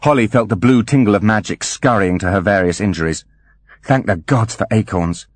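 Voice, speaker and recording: A man narrating an audiobook with wry, animated storytelling. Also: on the low side, moderate pace, dry recording. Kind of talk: scripted narration.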